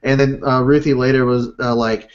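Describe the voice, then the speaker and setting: A man co-hosting a podcast, telling a story about his own week in an animated, self-deprecating way. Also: mid-range voice, normal speed, highs cut off, background noise. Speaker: podcast co-host, father. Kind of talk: casual storytelling chat.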